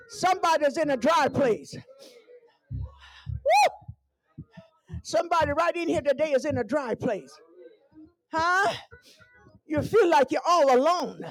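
A middle-aged woman evangelist preaching a sermon in a church, shouting and whooping in a sing-song rhythm. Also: high-pitched, no room sound, rough recording.

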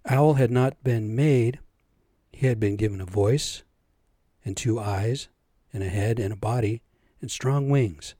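Man, casual storyteller, chatty, dark mellow voice, dry close sound. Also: medium pitch, unhurried, dry recording. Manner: chatty, checking in with listeners. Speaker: storyteller and vlogger.

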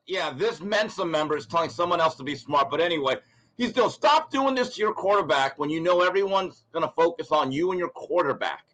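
Guy ranting blunt about football on a talk show, kinda high voice. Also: animated, brisk, fairly bright tone, low-quality recording. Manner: blunt, ranting, acts out quotes. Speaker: guest commentator. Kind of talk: opinionated sports talk.

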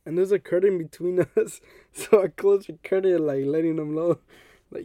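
A young adult man hosting a podcast, telling a personal story in a casual, animated way and acting out what others said. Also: high voice, normal speed, no room sound. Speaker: podcast host.

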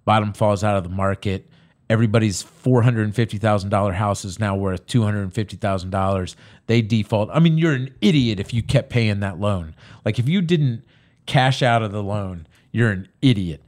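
A man in casual political banter, rambling and animated, restarting his sentences. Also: lowish voice, normal speed.

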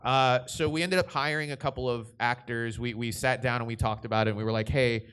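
A young man speaking at a mid-range pitch, answering an audience question on a convention panel. He talks casually and rambles, circling back and restarting his sentences as he goes. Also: fairly even intonation, quick pace, a bit bright, smooth. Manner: rambling, with frequent restarts and laughs.

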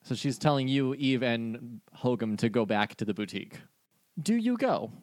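Halting male game master, dry sound. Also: medium pitch, lively intonation, darkish tone, no room sound. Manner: loose, hesitant, many fillers. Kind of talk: narrating a tabletop game.

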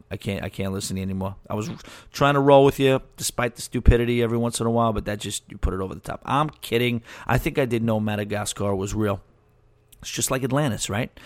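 A man's voice: mid-range voice, no echo. A man hosting a casual solo podcast, rambling, joking and laughing at his own asides. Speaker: podcast host.

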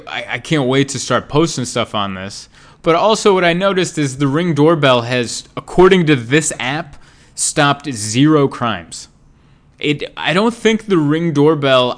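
Wry, rambling man chatting casually. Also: a little high. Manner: digressive, wry, self-deprecating.

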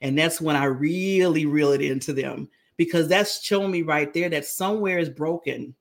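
Gravelly-voiced woman guest, animated. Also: deep voice, normal speed. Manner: animated, sings jingles, laughs often. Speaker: guest, brand founder. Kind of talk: casual interview talk.

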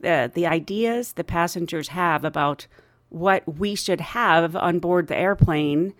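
A woman's voice: fairly low pitch, a little slow, slight background noise. A middle-aged woman, a podcast host and flight attendant, telling funny travel stories casually, laughing often and acting out the people in them. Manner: animated, laughs often, acts out quoted voices. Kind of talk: casual storytelling.

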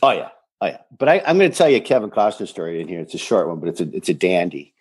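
A man's voice: low-pitched, very fast, slightly rough. A middle-aged man co-hosting a casual rewatch podcast, retelling scenes and acting out their lines. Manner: animated, acts out lines from scenes. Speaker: podcast co-host.

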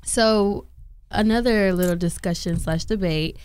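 A woman's voice: medium pitch, measured pace, a little mellow, smooth. A woman hosting a casual group discussion, reading a text thread aloud to her friends. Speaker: podcast host.

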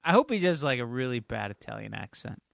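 A man's voice: mid-range voice, sing-song, quick pace, gravelly, fairly bright tone, dry recording, clean studio sound. A man co-hosting a podcast, chatty and joking as he gives his opinions. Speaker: podcast co-host. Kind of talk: casual chat.

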